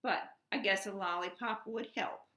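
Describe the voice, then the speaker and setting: A woman voicing a tired, gentle young male dragon who pants and pleads as he talks. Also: medium pitch, unhurried, echoey room. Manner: breathless, pleading.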